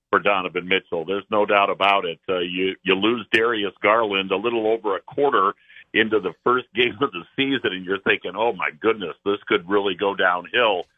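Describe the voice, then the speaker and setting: Man, radio announcer guest, low voice, tinny phone-line sound, relaxed storytelling. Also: moderate pace, no room sound. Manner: easygoing, storytelling analysis with chuckles. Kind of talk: phone-in sports radio interview.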